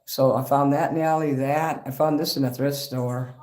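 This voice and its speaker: On a casual livestream, a male host from Chicago talks at a moderate pace in an ordinary mid-range voice. He drifts from topic to topic, swears freely, and grows more excitable as he goes.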